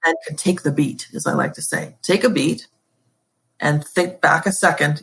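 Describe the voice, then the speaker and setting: A woman's voice: sits low, normal speed, vocal fry, fairly bright tone, husky. A woman guest talking as an educator and school leader in a podcast interview, emphatic and passionate, with pet phrases she repeats.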